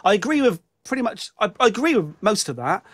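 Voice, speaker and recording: A man's voice: high voice, big pitch swings, quick pace, fairly bright tone. A British man hosting a casual chat about music, often stopping and restarting his sentences. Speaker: show host.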